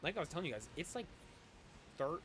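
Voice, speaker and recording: A man's voice: fairly high pitch, sing-song, fast talker, fairly bright tone, slight background noise. A man chatting casually on a live stream, rambling and talking straight to his chat. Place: cold room at home.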